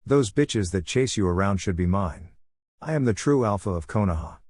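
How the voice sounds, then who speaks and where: A man's voice: lowish voice, animated, moderate pace, darkish tone, dry recording, studio quality. A man reading the lines of a cocky, boastful teenage ninja boy in a story. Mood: taunting. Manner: boastful, taunting.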